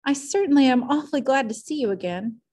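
Daisy, a woman doing a bright, breathless society girl. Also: a little high, animated, moderate pace, pitched above the performer's own voice, natural voice. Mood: nervous. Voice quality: rippling, exhilarated.

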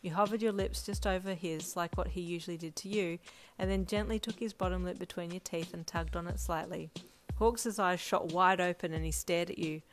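A woman narrates a fanfiction audiobook in steady storytelling fashion. Her voice sits fairly low for a woman, and quiet lo-fi drum music plays underneath. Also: fairly quick. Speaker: fanfiction reader. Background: faint lo-fi drum music.

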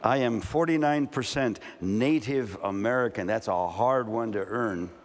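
A male pastor in his fifties from California, preaching a sermon with animated storytelling and acted-out dialogue. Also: mid-range voice, measured pace. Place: large camp meeting hall. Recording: long hall reverb, faint ambient noise.

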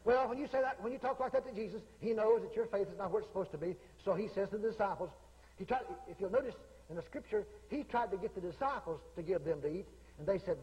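A man's voice: high voice, fast, a little mellow, breathy edge, in a large hall, rough recording. A man preaching in a folksy storytelling way, often repeating his phrases. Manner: folksy, repetitive, acts out quotes. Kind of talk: sermon storytelling.

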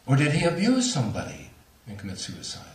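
A man, a speaker on near-death experiences, telling a story to a lecture audience with animated, laughing delivery. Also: fairly high pitch, a little fast, reverberant, recorded from a distance. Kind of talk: storytelling at a talk.

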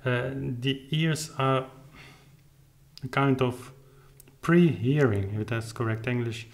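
A man's voice: medium pitch, takes it slowly, vocal fry. A man who plays the clavichord, thoughtfully explaining his interpretation and searching for the right words as he goes. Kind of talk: reflective spoken commentary with demonstrations. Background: faint clavichord playing between remarks.

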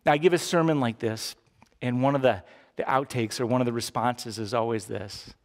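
A man in his fifties preaching a sermon as pastor, earnest and swinging from emphatic peaks down to quiet, low moments. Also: fairly quick. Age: 50s.

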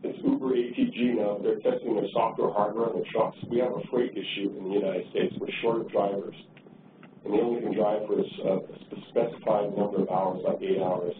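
A man's voice: fairly low pitch, fairly even intonation, fairly quick. A man giving a conference presentation in a loose, conversational way, often repeating words as he thinks. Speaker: transportation agency director giving a talk. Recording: distant, tinny and roomy with noise.

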